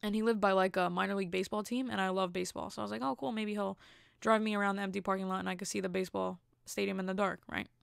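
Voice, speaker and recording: Candid young woman with a gravelly voice. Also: medium pitch, racing, no echo, studio quality. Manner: blunt, candid storyteller; animated, acts out quotes. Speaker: podcast host. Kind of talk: casual solo podcast monologue.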